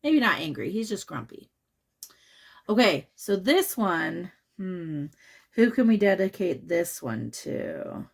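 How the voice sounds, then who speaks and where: A woman's voice: on the low side, very animated, takes it slowly, creaky. A woman reading a picture book aloud to children, chatting and asking them questions along the way. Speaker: children's story reader.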